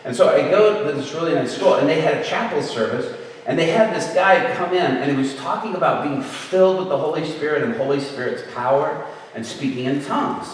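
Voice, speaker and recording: A middle-aged guest speaker tells a humorous story with animation, performing the voices of its characters. His voice is a little high and fairly quick, picked up from far off in an echoey hall with slight background noise.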